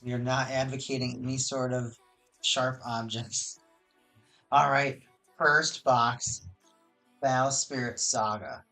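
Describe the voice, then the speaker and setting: Chatty, excitable card-opening streamer, mid pitch, hot desk mic, light music underneath. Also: slow, pauses often. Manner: excitable and chatty, with frequent restarts and self-corrections. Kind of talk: casual live-stream chat while opening card boxes. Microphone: hot desk microphone with high gain.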